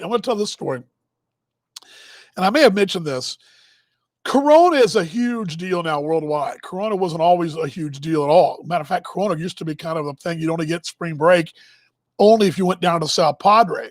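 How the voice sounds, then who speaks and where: This man's voice is high and animated and moves fairly quickly, with no room sound. A broadcast host in his fifties from Texas, he delivers a casual monologue of rambling stories punctuated by chuckles and self-interruptions.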